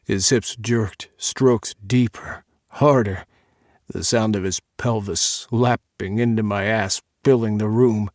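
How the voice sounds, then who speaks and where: A man narrating a first-person audiobook in a measured, intimate reading on a close studio mic. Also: lowish voice, steady tone, a little mellow, no echo.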